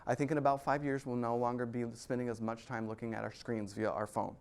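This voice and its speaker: A man's voice: medium pitch, quick pace, clean tone. Joking man giving a talk. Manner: energetic and joking, laughs between points. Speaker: guest speaker at an investor club. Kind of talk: live presentation to an audience.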